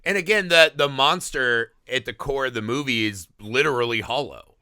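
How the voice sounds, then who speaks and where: A man co-hosting a podcast, chatting casually about a film in an animated, profane, rambling way, acting out bits of dialogue. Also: mid-range voice, moderate pace, clean tone, no echo, studio quality. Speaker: podcast co-host. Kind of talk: casual movie review chat.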